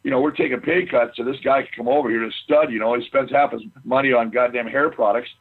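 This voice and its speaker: A man's voice: medium pitch, steady tone, fast, husky, narrow, tinny audio. A middle-aged man, a former pro football lineman, telling boisterous stories in casual chat and swearing freely. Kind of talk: casual storytelling.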